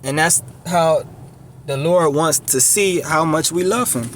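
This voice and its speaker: A man's voice: fairly high pitch, unhurried, slight background noise. Earnest, conversational male preacher. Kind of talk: sermon.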